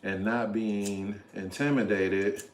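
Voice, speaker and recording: Slow, laid-back man chatting on a livestream. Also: fairly low pitch, steady tone, roomy sound. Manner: laid-back, chatty, talks to viewers in chat. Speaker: livestream host. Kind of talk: casual livestream chat. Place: home kitchen.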